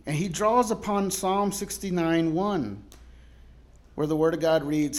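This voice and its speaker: A male guest pastor giving a sermon in a casual, storytelling way, laughing often and moving between loud cries and quiet asides. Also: a little high, a little slow.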